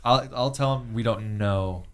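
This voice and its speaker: A man's voice: on the low side, unhurried, background noise. A man playing a tabletop game in casual talk, hesitant and repeating his words. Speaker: player.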